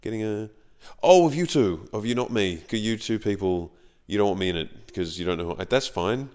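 A man's voice: lowish voice, animated, a little fast, a little mellow, smooth. An Australian man, an actor guest, chatting casually and self-deprecatingly, often acting out the voices in his stories. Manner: rambling, self-deprecating, acts out quoted voices. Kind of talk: casual podcast chat.

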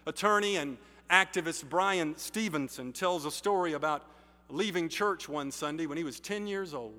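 A male pastor preaching a sermon in slow, deliberate phrases with emphatic pauses, in a church sanctuary. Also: a little high, pushed and bright. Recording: reverberant sanctuary hall.

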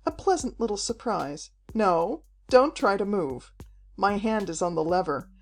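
Woman voicing a desperate male villain, mocking, snarling, pitched up, faint background music. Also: lively intonation, a little slow.

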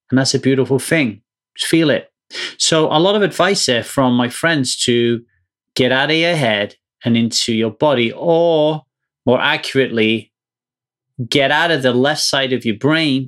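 A man's voice: mid-range voice, a bit bright. A middle-aged man from the United Kingdom hosting his own podcast, talking casually and emphatically, with lots of fillers and restarts. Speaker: podcast host and coach. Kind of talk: casual solo podcast monologue.

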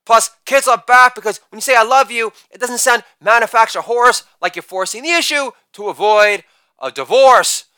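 A man in his forties delivering a rapid-fire joke monologue, brash and crude, with loud shouted catchphrases. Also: very high-pitched, clear, resonant tone, dry recording. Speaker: comedian.

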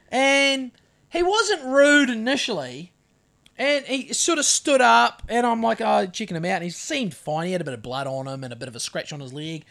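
Sweary, animated New man telling a story. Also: extremely high pitch, moderate pace, vocal fry. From New Zealand. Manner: profane, animated storyteller acting out his own lines. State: recovering from covid. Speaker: podcast co-host. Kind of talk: casual storytelling chat.

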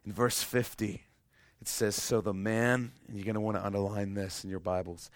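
A man preaching a sermon with passion, repeating his phrases, swinging from loud to hushed and acting out voices in his story. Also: lowish voice, fairly even intonation, moderate pace, dry recording. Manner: repeats phrases, acts out voices of God and people. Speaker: pastor.

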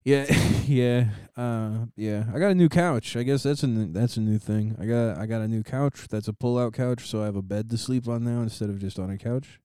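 A man's voice: medium pitch, moderate pace, few pauses, dark tone, clear, resonant tone, no echo, clean studio sound. A young man telling rambling stories in a casual chat with friends, laughing often.

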